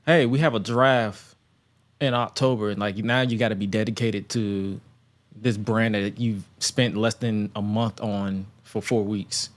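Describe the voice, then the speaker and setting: A man's voice: fairly low pitch, fairly even intonation, a little slow. A man co-hosting a casual chat, rambling and stumbling over repeated words.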